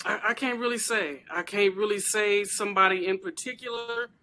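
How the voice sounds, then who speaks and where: A woman chatting as an interview guest, her tone bright and forceful. She talks in an animated, emphatic way, full of informal slang and easy asides. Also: mid-range voice, normal speed. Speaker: guest, celebrity crafter. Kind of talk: casual interview chat.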